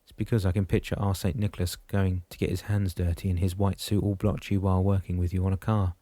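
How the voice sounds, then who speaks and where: A friendly, amused man who likes to joke, read by a man. His tone is low and mellow, and the recording is dry and close. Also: level tone, quick pace, no room sound.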